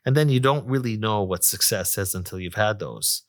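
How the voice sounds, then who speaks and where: A man's voice: fairly low pitch, fairly quick. A middle-aged man, an economist, telling a story from his career in a chatty interview, full of fillers and restarts. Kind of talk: conversational storytelling.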